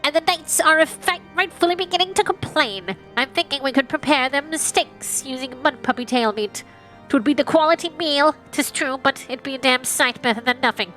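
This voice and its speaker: A woman reading a gruff male quartermaster, high and stuffy. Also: normal speed, pushed and bright, rough recording. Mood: matter-of-fact. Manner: reads lines aloud at an uneven pace. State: has a cold. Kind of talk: reading game dialogue aloud. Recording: faint game music behind.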